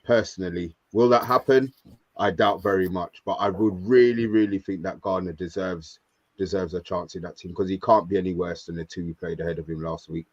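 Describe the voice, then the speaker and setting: A man with a low voice chats as a football panelist, relaxed and hesitant. His voice comes through dull and lo-fi, dry with no room echo. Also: a little fast. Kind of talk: casual football chat. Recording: dull lo-fi sound.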